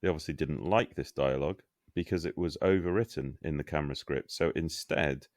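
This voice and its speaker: A man co-hosting a podcast, explaining a detail in a measured, curious way. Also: extremely low pitch, a little mellow, no room sound, clean studio sound. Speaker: podcast co-host. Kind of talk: casual discussion.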